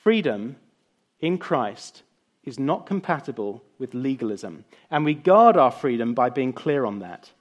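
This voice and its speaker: A man's voice: medium pitch, a little slow. A man preaching a sermon, telling stories and acting out the quoted lines. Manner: animated storytelling, voices quotes.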